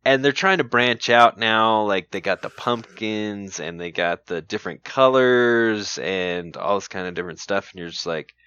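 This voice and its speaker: A rambling male podcast host with a lowish voice, chatting loosely and tossing out trivia questions. His voice comes through a dull, lo-fi recording that is close and completely dry, with no room sound. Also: moderate pace, few pauses, bright, forceful tone, clean tone, dry recording. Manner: rambling, laughs often, lots of "like" and "you know". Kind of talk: casual chat.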